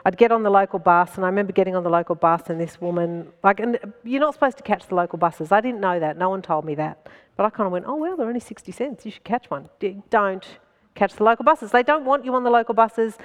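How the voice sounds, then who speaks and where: On a festival stage in a large hall, a middle-aged woman with a medium-pitched voice tells self-mocking comic stories to a live audience. She talks fast with few pauses, often laughing through her lines.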